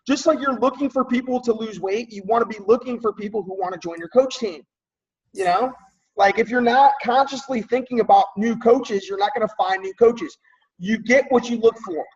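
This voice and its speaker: Husky high-voiced man coaching on a call. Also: brisk, recorded from a distance. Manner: conversational, checks in often with "right?" and "okay?"; clears throat often. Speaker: team coach leading a training call. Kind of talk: casual coaching talk. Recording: dull lo-fi audio from off-mic.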